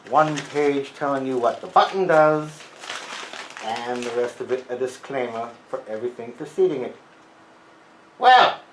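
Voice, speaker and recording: Workshop grouch, mock Freudian accent, dry sarcasm, mid-pitched voice, faint noise behind. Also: male voice, low-quality recording. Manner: grumpy, dry sarcastic asides. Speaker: workshop vlogger. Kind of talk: rambling workshop monologue. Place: home workshop.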